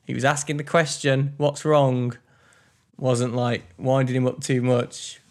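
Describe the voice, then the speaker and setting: A man co-hosting a podcast, reflective and quick to laugh in casual chat. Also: medium pitch, little pitch movement. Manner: warm, reflective, laughs easily. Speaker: podcast co-host.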